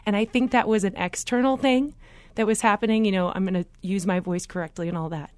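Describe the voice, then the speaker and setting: A woman in a faith podcast interview, telling her story earnestly and with animation, throwing in quick asides. Her pitch sits in the middle, and the sound is dry and close with no room around it. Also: steady tone, dry recording. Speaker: guest.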